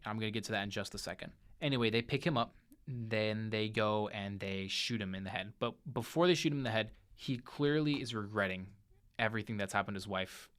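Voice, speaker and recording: A young man hosting a movie review show, retelling a film's plot in a casual, animated monologue and briefly acting out the characters' lines. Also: on the low side. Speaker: podcast host reviewing movies.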